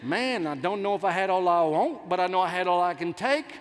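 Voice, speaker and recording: A man's voice: high-pitched, expressive, brisk, noisy background. A man voicing a laid-back male buddy with dry, folksy humor, recorded in a conference hall. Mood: wry.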